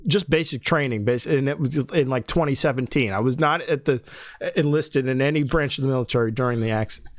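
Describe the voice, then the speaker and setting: A man's voice: mid-range voice, a little fast, dry recording, studio quality. A man hosting a podcast who tells a story in a casual, exasperated way, swearing and laughing in disbelief. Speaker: podcast host. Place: home studio in a bedroom.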